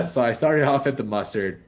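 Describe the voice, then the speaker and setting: A young man co-hosts a casual podcast, telling a story at an everyday pitch. His storytelling is animated, full of laughter and filler words. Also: normal speed. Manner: animated, laughing often, heavy use of "like" and "dude". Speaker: podcast co-host.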